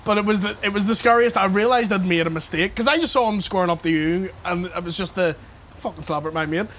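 A man telling an animated story in casual chat, laughing and quoting people in exaggerated voices. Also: high voice, quick pace, slight background noise.

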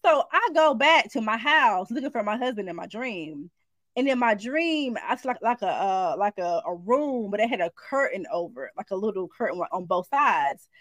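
An adult woman, a married mother and Christian speaker, shares a prophetic dream in a casual spoken message. Her storytelling is animated and informal, and she slips into acted-out quotes for the voices. Her mid-range voice moves at a moderate pace with no echo.

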